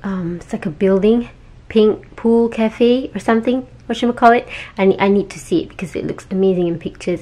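A young woman from Malaysia chatting to camera in a casual travel vlog, upbeat and full of quick asides. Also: medium pitch, a little mellow. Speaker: travel vlogger.

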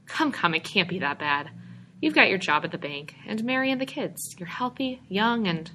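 A woman's voice: medium pitch, animated, normal speed, sharp tone, a little hiss or hum, rough recording. A woman reading aloud, voicing a little middle-aged male stranger who is a patient, coaxing brush peddler.

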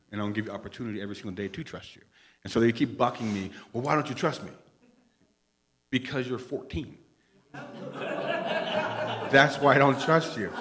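A middle-aged man gives a casual, joking sermon in a church. He swings between loud, excited bursts and quiet, hushed asides, and keeps it personal and conversational. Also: fairly low pitch. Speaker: pastor. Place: church sanctuary.

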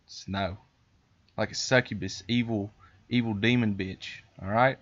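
A man hosting a podcast, telling a story in a rambling, profane, animated way. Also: lowish voice, measured pace, dull audio. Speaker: podcast host. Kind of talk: casual storytelling chat.

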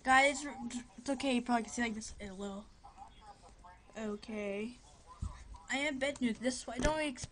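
A woman's voice: a little high, a little slow, long pauses, a bit bright. A young woman casually commenting on her gameplay, rambling, giggling and often apologizing. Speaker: gameplay video host.

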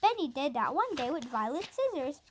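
A woman's voice: sits high, big pitch swings, normal speed, a little hiss or hum. A woman reading a polite older boy. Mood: earnest. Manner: polite and earnest. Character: earnest older boy, the eldest brother.

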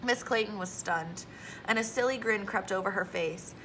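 A woman reading a children's novel aloud in a steady storytelling manner. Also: mid-range voice, normal speed, a little hiss or hum, poor audio. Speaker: audiobook reader.

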